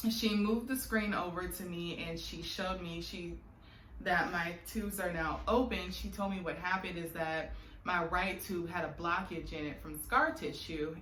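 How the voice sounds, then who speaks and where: A woman's voice: lowish voice, a bit bright. A young adult woman telling a personal story in a vlog, candid and emotional, often laughing, with many fillers. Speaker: vlogger. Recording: echoey room with faint background noise.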